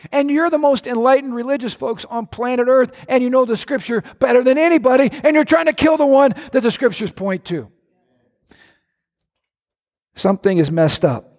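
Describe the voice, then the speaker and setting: High-voiced animated preacher, echoey church. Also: male voice. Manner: animated preaching, sudden shouts and high-pitched mimicry. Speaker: pastor. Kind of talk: sermon. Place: church hall.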